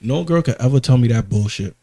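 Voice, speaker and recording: Podcast co-host, male, mid-pitched, casual and animated, slangy storyteller. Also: fast. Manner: animated storytelling, swearing, slang, voice jumps up when worked up.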